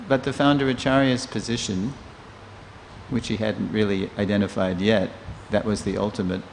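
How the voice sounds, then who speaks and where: A man in his sixties giving a storytelling scripture class in a temple, a lively teller who acts out the people he quotes. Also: fairly low pitch, normal speed, creaky. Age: 60s. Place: temple hall. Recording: long reverb of a hall, faint noise.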